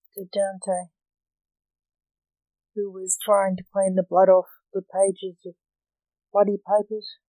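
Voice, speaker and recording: A slow, measured storyteller reading a dark fantasy tale aloud. The voice sits at an ordinary middle pitch and sounds dry and close, with no room around it. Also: completely flat delivery, no room sound, rough recording. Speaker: narrator.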